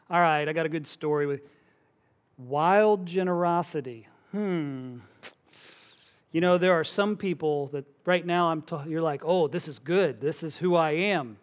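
A middle-aged man preaching from the pulpit, telling stories and acting out the voices of the people in them. His voice sits a little high for a man, and he preaches with an animated, conversational delivery. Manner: animated storytelling, acts out voices. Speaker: pastor. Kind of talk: sermon.

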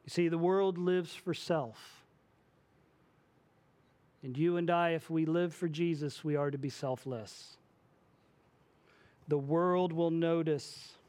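Animated high-voiced male pastor preaching. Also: takes it slowly, pauses often. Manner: animated, acts out quoted voices. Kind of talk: sermon.

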